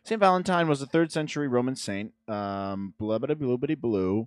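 A man's voice: mid-range voice, animated, moderate pace, no echo, studio quality. A man hosting a podcast, ranting sarcastically in casual chat. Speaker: podcast host.

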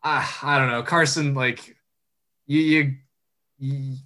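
Young male co-host, bright forceful tone, wry joking delivery, casual sports talk. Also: mid-range voice, steady tone, slow pace. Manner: joking, sarcastic, laughs often.

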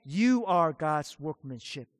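A man's voice: a little high, lively intonation, slow, no echo, studio quality, long reverb tail. A male pastor preaching a sermon, stressing single words and asking the congregation questions.

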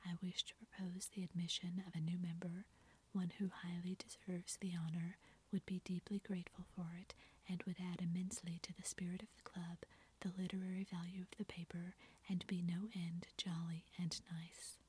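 A woman whispering an eager girl who plays a gentleman at a club meeting, as whispered role-play. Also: on the low side, flat delivery, normal speed. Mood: earnest. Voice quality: breathy whisper.

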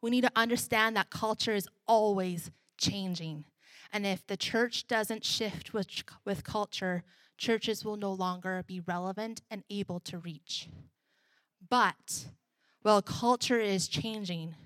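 A woman pastor preaching a sermon, driving a repeated refrain home, moving from emphatic to soft and intimate. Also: mid-range voice, dry recording, studio quality.

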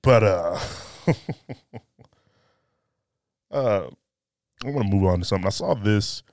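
A man's voice: lowish voice, lively intonation, takes it slowly, vocal fry, darkish tone, no echo, clean studio sound. A man hosting a casual solo podcast indoors, talking in a loose, joking, profane and rambling way. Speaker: podcast host. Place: indoors by a window. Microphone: podcast mic.

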